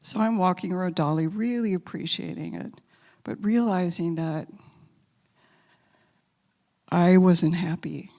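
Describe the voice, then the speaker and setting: A woman giving a spiritual talk as guest speaker, telling stories gently and sometimes dropping to a soft whisper, then leading a guided meditation. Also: on the low side, steady tone, unhurried, long pauses. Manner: gentle, intimate storytelling, drops to soft whispers. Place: large sanctuary. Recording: long hall reverb.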